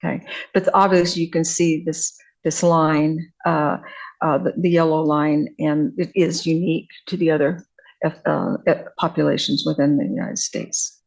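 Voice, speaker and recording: A woman's voice: deep voice, moderate pace, creaky, low-quality recording. An older woman giving an academic lecture, hesitant, with frequent fillers and restarts. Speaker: visiting scholar lecturer.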